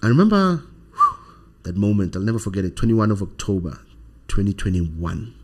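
Husky South African man telling a story. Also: fairly low pitch, moderate pace. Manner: animated, tags sentences with "right?", laughs often. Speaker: podcast guest. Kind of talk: personal storytelling in casual conversation.

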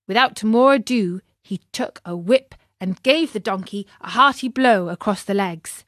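A woman narrating a children's story in a gentle way, talking to young listeners. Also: mid-range voice, unhurried, few pauses, no room sound, studio quality.

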